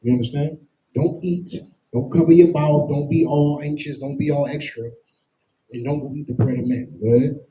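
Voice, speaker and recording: On a low-quality recording, a man with a fairly high, warm, fairly even voice speaks at normal speed. He teaches scripture in plain street language, emphatic, using slang and everyday comparisons and checking in constantly with "you understand?".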